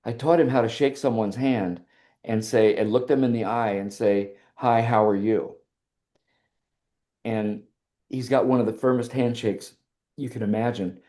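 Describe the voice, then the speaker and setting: An older man, a podcast guest, telling personal stories in a relaxed interview and acting out the lines of others. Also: mid-range voice, moderate pace. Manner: animated storyteller who acts out quoted dialogue. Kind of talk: casual interview storytelling.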